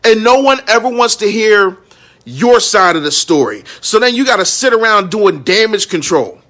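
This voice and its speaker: A man in his thirties with a high, tense, bright voice speaks in a raw live-stream monologue. He is frank and emotional and curses freely. He keeps checking that his audience is with him. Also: sing-song, normal speed. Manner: raw, frank and emotional, with profanity and many "you know what I'm saying". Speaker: minister and entrepreneur.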